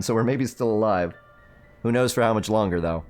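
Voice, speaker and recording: A man's voice: fairly low pitch, sing-song, a little fast, a little mellow. A man hosting a livestream, reading a spooky choose-your-own-adventure book aloud in a theatrical, playful way with joking asides. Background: faint background music.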